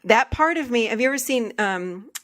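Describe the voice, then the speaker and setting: A woman's voice: fairly high pitch, lively intonation, moderate pace, fairly bright tone, no echo. Earnest, enthusiastic woman podcast host. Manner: earnest, enthusiastic, repeats phrases for emphasis. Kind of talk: casual podcast chat.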